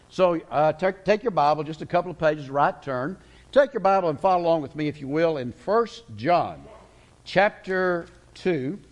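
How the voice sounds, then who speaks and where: Man, middle-aged, guest preacher, sermon, folksy, emphatic, slightly high-pitched. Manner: folksy, emphatic, slows words for weight. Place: church sanctuary.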